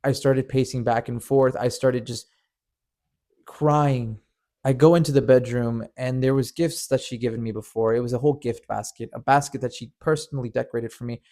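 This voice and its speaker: A man's voice: mid-range voice, steady tone, normal speed, dark tone. A man narrating a painful personal story in an earnest, emotional way, often stammering and repeating words. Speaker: storyteller and channel host.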